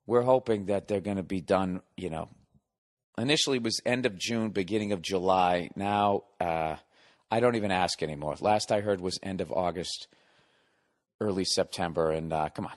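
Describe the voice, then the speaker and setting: A man's voice: low voice, normal speed. A middle-aged man hosting his own podcast, ranting in a profane, exasperated comic monologue with sarcastic asides. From United States. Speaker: podcast host. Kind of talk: solo comedic rant.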